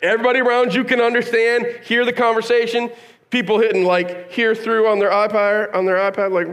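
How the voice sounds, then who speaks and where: High-voiced preacher telling stories. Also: male voice, little pitch movement, fairly quick, a bit bright, clear, resonant tone. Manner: conversational, acts out quoted dialogue; rhetorical questions to the congregation. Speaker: pastor. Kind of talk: sermon.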